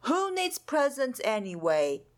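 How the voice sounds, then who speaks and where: A woman's voice: high-pitched, huge pitch swings, a little slow, heavily acted. A woman voicing a bold, helpful boy mouse in a storybook read-aloud, sounding upbeat and enthusiastic. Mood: reassuring.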